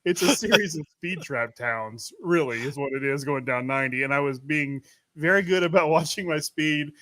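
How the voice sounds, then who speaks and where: A man's voice: on the high side, normal speed, sharp tone, no room sound. A man from Louisiana hosting a podcast, rambling through stories and laughing often in casual chat. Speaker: podcast host.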